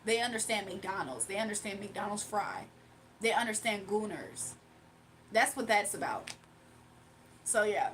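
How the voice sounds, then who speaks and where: A woman's voice: mid-range voice, unhurried, long pauses, a bit bright, slight background noise. A young woman hosting a livestream, talking casually and combatively to her chat, mocking and defending herself. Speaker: livestream host.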